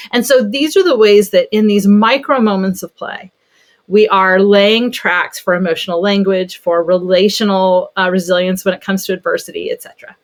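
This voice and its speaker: Brief: woman therapist guest, lively storyteller, average pitch. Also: moderate pace. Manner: animated storyteller, acts out voices. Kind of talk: casual conversation.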